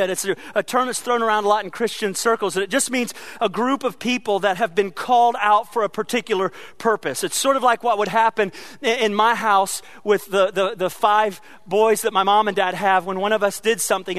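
A man preaching a sermon as pastor, earnest, often repeating words and slowing down to stress a line. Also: high voice, a bit bright, no room sound.

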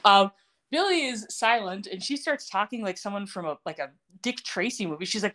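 A woman's voice: mid-range voice, lively intonation, a little fast, a bit bright. A woman hosting a casual recap chat, blunt, profane and sarcastic, often breaking into laughter. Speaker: podcast host recapping a TV series.

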